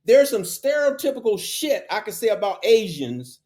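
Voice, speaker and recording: A man hosting a podcast, arguing forcefully and insistently, repeating phrases to hold the floor. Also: high-pitched, big pitch swings, normal speed. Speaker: podcast host. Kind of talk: heated debate.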